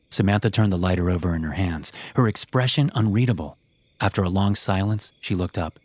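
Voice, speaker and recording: A man narrating a first-person horror story in a hushed, tense storytelling manner. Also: deep voice, fairly quick. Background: music.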